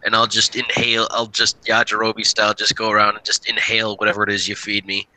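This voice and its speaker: A man's voice: fairly low pitch, monotone, fast talker, sharp tone, dry recording, low-quality recording. A man in casual chat who jokes around and laughs often.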